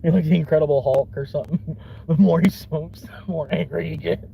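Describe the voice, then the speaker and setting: A man's voice: on the high side, steady tone, a little fast, gravelly, muffled recording. A man from Florida, a vlogger rambling casually from his car, laid-back, chuckling often and swearing easily. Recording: car interior with vehicle noise.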